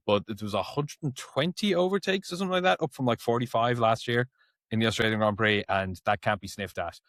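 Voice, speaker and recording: Guy hosting a podcast, lowish voice, chatty, keeps restarting bits, dry close sound. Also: fairly bright tone, no room sound. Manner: chatty, restarts phrases, reads sponsor plugs. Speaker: podcast host. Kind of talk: casual podcast chat.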